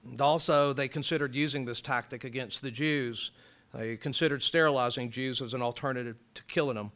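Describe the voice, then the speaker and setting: A man from Alabama giving an impassioned college lecture, rising loud and high when he reads out quotes. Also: steady tone, brisk. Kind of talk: public lecture.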